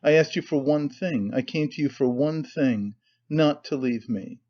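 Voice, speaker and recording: A man's voice: a little high, unhurried. Man voicing a tormented young man, weary, bitter, brooding, muffled audiobook sound. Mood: despairing. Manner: weary, brooding, bursts of despair.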